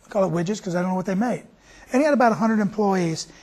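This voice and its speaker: A man's voice: sits high, racing, darkish tone, husky. A man hosting a TV show, telling a story in a folksy, conversational way. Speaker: TV show host.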